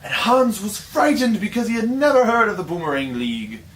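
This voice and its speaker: A man's voice: high voice, sing-song, fairly quick, fairly bright tone. Man improvising a rambling playful tall tale. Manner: playful, rambling, gesturing, self-correcting. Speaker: storyteller. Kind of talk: improvised storytelling. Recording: distant mic with faint ambient noise.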